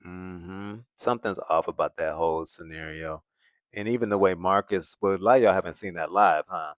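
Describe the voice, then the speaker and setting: Deep-voiced man chatting with viewers. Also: normal speed, dry recording, clean studio sound. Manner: relaxed, musing, laughs often. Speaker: commentary channel host. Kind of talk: casual livestream chat reading viewer comments. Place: home in California.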